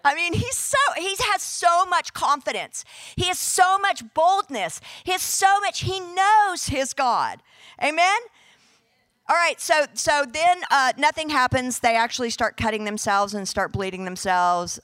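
Brief: woman preacher, high voice, animated storyteller acting out scripture characters, close dry mic. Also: normal speed, no echo. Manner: animated storytelling, acts out biblical characters in casual modern speech. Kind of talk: sermon.

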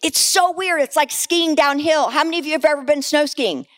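A middle-aged woman preaching a sermon, animated and candid, mixing scripture with personal stories and laughing at herself. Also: high voice, fairly quick.

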